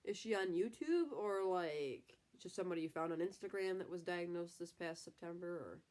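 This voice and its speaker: A woman's voice: on the low side, moderate pace, darkish tone. A young woman from the Midwest with a Midwestern accent, stuffy from a cold, chatting casually with viewers on a live stream while reading comments, rambling with lots of fillers. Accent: Midwestern American. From American Midwest. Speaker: livestream host.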